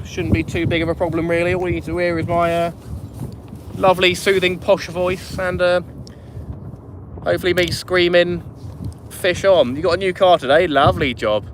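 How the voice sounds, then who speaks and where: A friendly man runs a live stream from a little inflatable boat out on a harbour at night. He chats easily and greets viewers one by one, his voice sitting slightly high. Wind buffets the action camera throughout. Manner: chatty, greets viewers by name. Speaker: fishing channel host. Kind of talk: live-streamed fishing chat. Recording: wind noise on an open boat. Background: wind and water.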